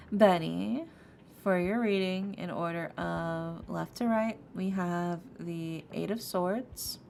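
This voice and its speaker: A woman's voice: fairly low pitch, gravelly, a little hiss or hum. A woman streamer chatting casually and joking with her viewers before a tarot reading. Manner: joking, self-mocking, laughs often. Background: soft lo-fi music.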